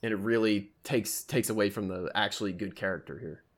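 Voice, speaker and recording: A man's voice: on the low side, steady tone, fairly quick. A man in casual group chat about an anime, opinionated and rambling, swearing often.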